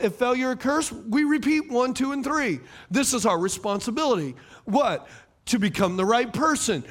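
A man's voice: sits high, a bit bright. A middle-aged male pastor preaching a sermon, repeating key phrases and throwing questions at his congregation. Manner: preaching cadence, fires rhetorical questions at the congregation.

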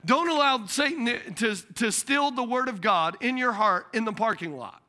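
High, bright-voiced animated preacher. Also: male voice, moderate pace. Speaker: pastor. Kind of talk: sermon.

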